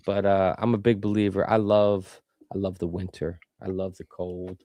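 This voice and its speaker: A man's voice: sits low, level tone, normal speed, dry recording, highs cut off. A man with a Philadelphia accent, co-hosting a sports podcast in easygoing casual chat, often repeating words. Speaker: podcast co-host.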